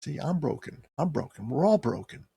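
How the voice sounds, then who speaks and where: A man's voice: a little high, big pitch swings, moderate pace, creaky, warm tone, breathy edge, no echo, studio quality. A man in his sixties telling a personal story in a heartfelt, conversational way, with rising emphasis. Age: 60s. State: tearing up.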